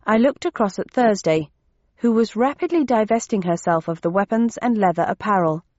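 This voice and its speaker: Woman narrating a novel, wry and measured. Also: mid-range voice, lively intonation, a little mellow, no room sound, muffled recording. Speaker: audiobook narrator. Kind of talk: first-person novel narration.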